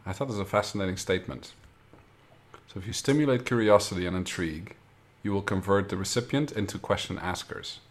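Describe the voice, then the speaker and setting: A man's voice: sits low, brisk. A man hosting a casual backstage interview, asking thoughtful questions. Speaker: podcast host.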